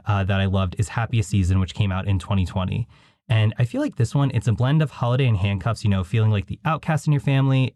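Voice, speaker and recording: A man's voice: fairly low pitch, dark tone, no echo, clean studio sound. A man hosting a podcast, recapping films in a chatty, wry storytelling way. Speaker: podcast host. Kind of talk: casual podcast commentary.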